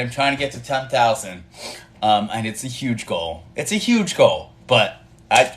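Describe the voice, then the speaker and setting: A man's voice: mid-range voice, a bit bright. Man coaching managers in a roomy live stream. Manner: conversational, many fillers and restarts, acts out dialogue. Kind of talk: casual live-stream teaching. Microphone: phone on a live stream. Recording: roomy echo.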